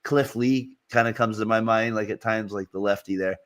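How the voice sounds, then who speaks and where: Man, lowish voice, casual sports chat co-host, rambling, halting, lots of fillers. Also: steady tone, fairly bright tone.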